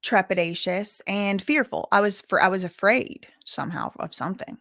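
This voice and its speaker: A woman YouTuber with a softened Southern accent, telling her story to camera in a candid, emphatic way and repeating words for stress. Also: medium pitch, moderate pace, no echo, studio quality. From US South, bayou country.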